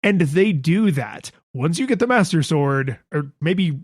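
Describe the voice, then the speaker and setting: A man's voice: a little high, measured pace, no room sound, studio quality. A man co-hosting a podcast, telling stories in a casual chat and acting out voices when he quotes. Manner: animated storytelling, acts out voices in quotes. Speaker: podcast co-host.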